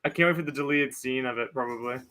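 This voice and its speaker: A man's voice: medium pitch, fast, bright, forceful tone. A man co-hosting a casual review chat, chuckling and trailing off as he mimics lines. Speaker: podcast co-host.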